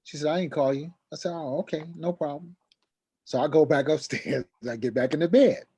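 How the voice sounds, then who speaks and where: A middle-aged man telling a personal story in a lively conversational way, acting out the dialogue and raising his voice sharply in the heated parts. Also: fairly high pitch, a little fast, husky. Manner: acts out quoted dialogue, voice rising sharply when agitated. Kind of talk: animated storytelling.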